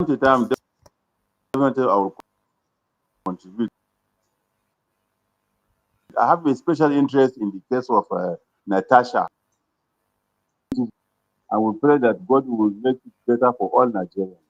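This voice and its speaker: A man calling in to a talk show, speaking calmly and hesitantly with many pauses and fillers. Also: medium pitch, no room sound, dull audio. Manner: hesitant, full of uh, calm. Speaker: caller. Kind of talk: measured call-in comment.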